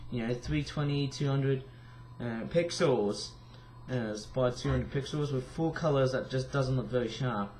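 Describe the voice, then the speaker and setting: A tired young man with a croaky voice, rambling casually through a vlog with lots of fillers and restarts. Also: mid-range voice, a little slow, darkish tone, a little hiss or hum. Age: young adult. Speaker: vlogger.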